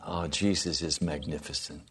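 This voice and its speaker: A man preaching a sermon to a congregation, swinging from loud pleading to soft, hushed lines. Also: rumbling low, fairly even intonation, moderate pace, slight background noise.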